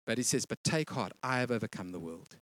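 A man preaching a conversational sermon, slipping into quick voiced asides. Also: medium pitch, expressive, a bit bright, no echo. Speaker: pastor.

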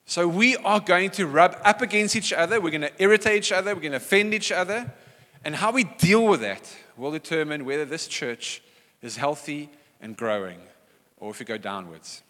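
A pastor delivers an animated sermon, his voice bright and pitched a little high, swinging widely up and down. A long echo from the church hall trails behind each phrase. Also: normal speed. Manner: animated, acts out quoted voices.

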